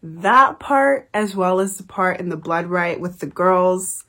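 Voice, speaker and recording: A woman's voice: on the low side, expressive, slow, bright, forceful tone. A young woman talking casually about a book she loves, gushing and emotional, swearing freely. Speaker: book reviewer. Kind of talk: casual book review chat.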